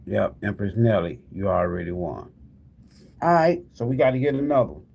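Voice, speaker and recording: A man hosts a tarot live stream, chatting casually with viewers, giving away prizes, and repeating the same calls to them again and again while addressing them directly as "y'all." His voice sits on the low side and is very animated, at normal speed. It's creaky, a little mellow, and husky.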